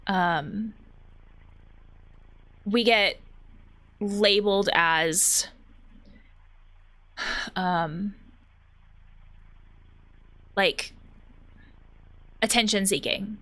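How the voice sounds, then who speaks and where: A woman's voice: mid-range voice, extremely slow, long pauses, fairly bright tone. A woman therapist chatting casually about anxiety while playing a video game, thoughtful and chatty, with many fillers and restarts. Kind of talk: casual commentary while gaming.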